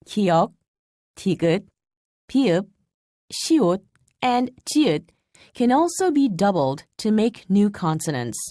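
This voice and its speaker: A woman reads a language lesson script with clear, measured explanations. Her pitch moves in a lively way through each sentence. The recording is dry and close, like a studio voice-over. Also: dry recording. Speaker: language instructor. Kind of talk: scripted instructional narration.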